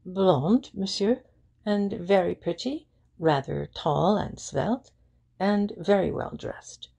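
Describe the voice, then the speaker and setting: A woman's voice: on the low side, slow, exaggerated voice. A woman voicing an eager young shop girl who chats readily and slips into phrases. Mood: eager, helpful. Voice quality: gravelly, husky. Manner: lively, helpful, sprinkles French phrases.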